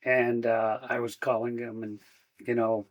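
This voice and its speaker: A man co-hosting a podcast, asking questions in a gentle, supportive, conversational way. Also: medium pitch, flat delivery, measured pace, lo-fi sound. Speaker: podcast co-host.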